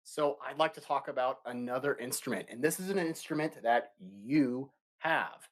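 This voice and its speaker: A man teaching an elementary music lesson for children, explaining patiently and slowly with playful asides. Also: medium pitch. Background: guitar playing.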